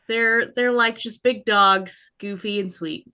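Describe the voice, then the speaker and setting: A woman's voice: mid-range voice, slow, hardly any pauses, bright, forceful tone. A woman casually introducing herself on a podcast in a cheerful, easygoing way. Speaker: podcast guest player.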